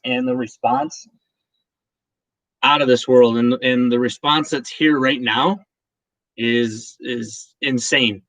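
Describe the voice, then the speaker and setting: A man's voice: mid-range voice, steady tone, slow, long pauses, a bit bright, no room sound. A man hosting a whiskey channel's live stream, chatting casually and emotionally with viewers and his partner. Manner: rambling, emotional, laughs often, many restarts.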